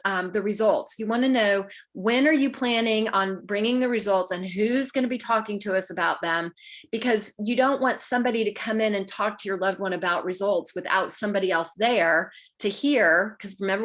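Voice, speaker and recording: A woman's voice: mid-range voice, a bit bright. A woman speaking as a patient advocate to a community group, practical and conversational, acting out short exchanges with nurses and doctors. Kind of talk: informal talk to community group.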